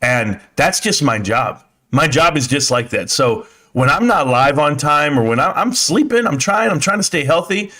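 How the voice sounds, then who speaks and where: A man's voice: on the high side, animated, moderate pace, few pauses, pushed and bright. A middle-aged man hosting a livestream, ranting casually and bluntly, brushing off critics with swagger. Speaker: livestream host.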